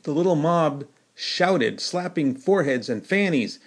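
A man's voice: on the high side, animated, measured pace. A man hosting his own podcast, reading his novel aloud in a folksy storytelling manner. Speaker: podcast host and author.

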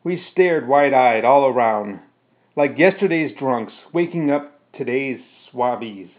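A man narrates a first-person story in a steady voice of middling pitch, then explains it casually with fillers. The recording is narrow and phone-like. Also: slow pace. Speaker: storyteller reading his own story.

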